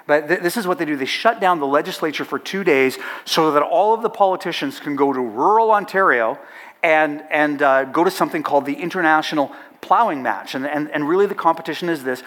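A man's voice: a little high, a little fast, a bit bright. A middle-aged man who leads a chaplaincy organization, telling an anecdote to an audience with playful asides. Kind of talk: storytelling talk to an audience.

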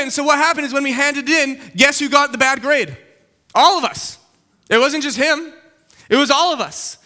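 A young man preaching a casual teaching sermon, animated and conversational, often checking in with his listeners. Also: very high voice, normal speed.

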